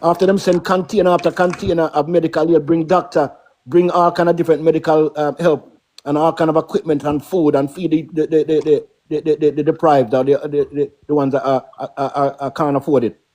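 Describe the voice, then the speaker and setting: A man's voice: on the high side, level tone, a little fast, a little mellow. A middle-aged man with a Caribbean accent, talking emphatically as a guest on a casual live stream, often checking in with "yeah?" and "right?".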